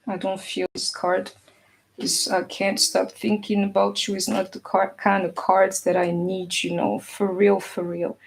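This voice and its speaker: A woman's voice: medium pitch, little pitch movement, measured pace, gravelly, slightly rough, rough recording. A woman giving a casual tarot reading, talking earnestly and emphatically to an absent partner, with many "you know"s and "like"s. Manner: speaks directly to an absent partner. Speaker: tarot reader.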